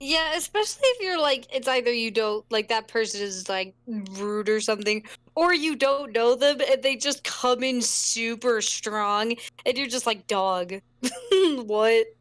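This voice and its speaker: A woman's voice: fairly high pitch, expressive, moderate pace, a bit bright, dry recording. A woman in casual podcast chat, rambling with lots of fillers.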